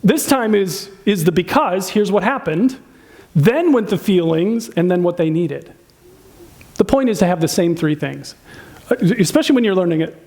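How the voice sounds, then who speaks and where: A pastor with a high, animated, slightly mellow voice preaches on relationships at a normal speed. He keeps it conversational, asking the congregation questions and acting out spouses' complaints in a raised voice.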